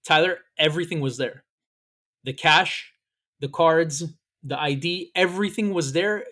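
A man hosting a podcast, telling a story in casual chat, animated and swearing freely as he acts out what people said. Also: on the high side, measured pace. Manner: animated, profane, acts out quoted lines. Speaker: podcast host.

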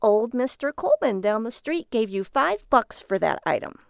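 A woman voicing an exasperated, sharp-tongued wife who scolds with sarcasm. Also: a little high, sing-song, moderate pace, gravelly, no room sound, clean studio sound. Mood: scolding.

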